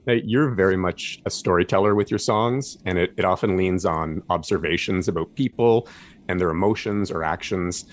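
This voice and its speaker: Radio host, middle-aged man, deep voice, steady friendly questions. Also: normal speed. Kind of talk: radio interview hosting.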